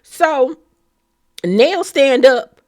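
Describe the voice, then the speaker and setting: A woman giving a blunt, profane, animated recap of a reality show in casual commentary. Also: high voice, drawn-out words.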